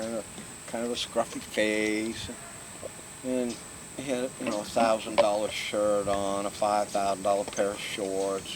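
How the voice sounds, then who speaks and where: Older male storyteller, low voice, easygoing and foul-mouthed, recorded outdoors at night. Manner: laid-back, profane, laughs often. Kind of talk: casual storytelling. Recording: noisy outdoor recording with crickets.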